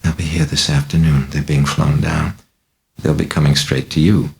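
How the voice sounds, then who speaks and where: An anxious mother and film star in a horror audiobook, voiced by a man, answering in halting, hesitant phrases. The deep, gravelly voice stays close to the reader's own. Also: flat delivery.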